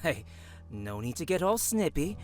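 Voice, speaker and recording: A man's voice: a little high, very animated, normal speed, darkish tone, soft background music. A man voicing a rude, greedy schemer in a video game, with a sneering, mocking manner. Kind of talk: game voice acting.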